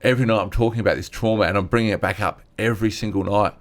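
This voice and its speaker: A man's voice: fairly low pitch, steady tone, rapid-fire. A man, a stand-up comedian telling personal stories in an earnest, rambling way as an interview guest. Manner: earnest, rambling, acts out others' lines. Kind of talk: candid storytelling chat.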